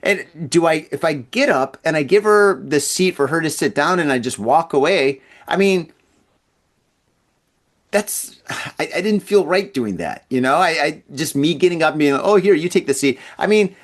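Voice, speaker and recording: A man with a slightly higher voice than most men hosts a podcast alone. He tells a casual story at an easy pace, stammering, restarting sentences and repeating words as he goes. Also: expressive, moderate pace, a bit bright. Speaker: podcast host.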